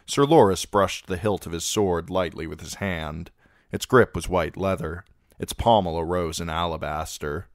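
A man narrating a fantasy novel as an amateur audiobook reader, with steady, even storytelling. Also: sits low, normal speed, no echo, clean studio sound.

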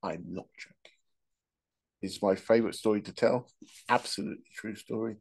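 Fairly low in pitch, a little mellow and husky, a man hosts a podcast at a moderate pace. In a casual monologue he wanders through joking stories, laughing along at his own anecdotes.

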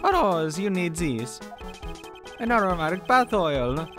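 A man's voice: high voice, big pitch swings, slow, music in the background, voice pushed up, heavily acted. A man voicing a flamboyant male French restaurant owner in a put-on mock French accent, gushing and theatrical. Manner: theatrical, gushing, sing-song.

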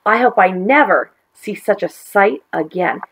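A woman voicing a fussy male toad who speaks in a hushed, disgusted way, in a storybook reading. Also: mid-range voice, lively intonation, a little slow, a little hiss or hum, low-quality recording.

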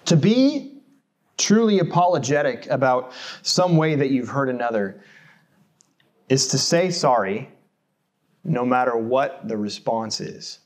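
A male pastor from the United States preaching in a church, at an ordinary middle pitch. He talks to the congregation in a relaxed, conversational way with light self-deprecating humor. He keeps asking them questions as he goes. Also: a little slow, pauses often. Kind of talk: sermon.

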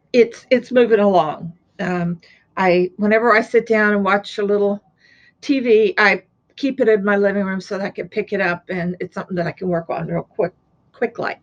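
A woman's voice: mid-range voice, lo-fi sound. An older woman from Florida chatting casually on her crafting vlog, gushing over gifts and showing what she has sewn and crocheted. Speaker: crafting vlogger. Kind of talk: casual show-and-tell chat.

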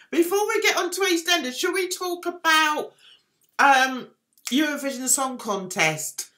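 On her casual live stream, a woman rambles and pokes fun at herself while chatting with viewers and reading their messages aloud. Her voice is high-pitched and sharp, and she talks a little slowly.

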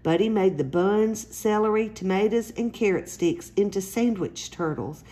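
A woman reads a children's picture book aloud. Her narration is gentle and even. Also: medium pitch, moderate pace. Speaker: storyteller.

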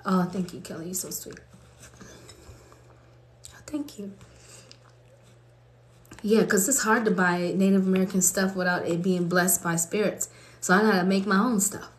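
A woman's voice: medium pitch, steady tone, brisk. A woman from Colorado hosting a livestream, praying and chatting off the cuff, laughing often and reading viewer comments aloud. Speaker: livestream host. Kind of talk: prayer and casual livestream chat. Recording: roomy echo.

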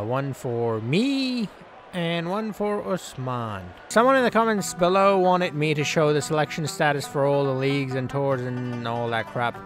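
A man giving casual, joking commentary over his own video game play, yelling at the players on screen. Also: a little high. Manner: excitable, jokey, scolds the game's players aloud. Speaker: gaming channel host.

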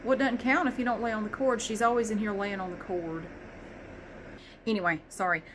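A woman's voice: mid-range voice, fairly even intonation, a little fast, noisy background. A woman vlogger chatting casually, rambling and swearing with self-deprecating humor. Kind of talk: casual chat.

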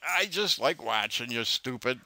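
Profane, mocking man with a bright, lively voice. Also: medium pitch, a little slow, no room sound. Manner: profane, mocking, shouting insults. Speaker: scam baiter. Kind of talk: angry phone confrontation.

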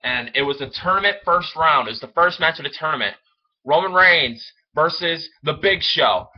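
A young man chatting casually as a fan vlogger, rambling and excitable, often stumbling over his words. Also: a little high, moderate pace. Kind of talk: casual solo commentary. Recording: dull lo-fi home recording.

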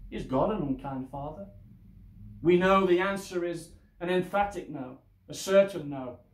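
A man preaching a sermon as pastor, slow and deliberate, pressing his listeners with rhetorical questions. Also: sits high, echoey room.

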